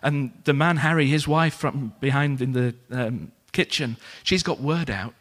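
A man preaching a sermon, telling a story in a lively way and acting out the characters' lines. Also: mid-range voice, a little slow.

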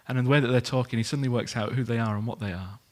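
A man preaching a sermon, telling a story in a lively way and acting out the characters' lines. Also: mid-range voice, racing.

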